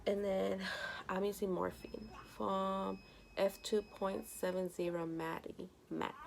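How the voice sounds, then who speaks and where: Young woman with a heavy vocal fry. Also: mid-range voice, flat delivery, unhurried, a little mellow, slight background noise. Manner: rambling, many "you know" fillers; emotional, tearful at times. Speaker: vlogger. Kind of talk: casual storytelling while doing makeup.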